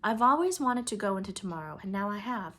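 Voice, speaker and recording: A woman's voice: mid-range voice, animated, fast talker, pushed and bright. A woman voicing a dreamy, eager little girl who asks wondering questions in an audiobook reading.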